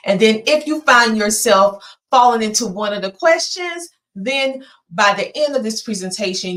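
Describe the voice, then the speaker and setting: Southern-accented woman, motivational speaker, earnest and emphatic, pauses for effect. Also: mid-range voice, fairly bright tone. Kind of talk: motivational presentation.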